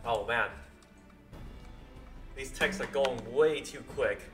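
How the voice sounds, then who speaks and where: Male streamer at an average pitch reading game text aloud, trips over words and restarts, faint music behind. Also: fairly bright tone. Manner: halting read-aloud with frequent stumbles and self-corrections.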